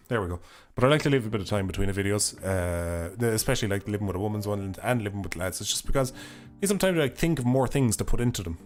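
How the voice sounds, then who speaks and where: A young Irish man streaming a game, chatting casually in a rambling way, swearing freely and laughing often, his voice hoarse and failing. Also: lowish voice, animated, quick pace, soft background music. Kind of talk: casual livestream chat while gaming.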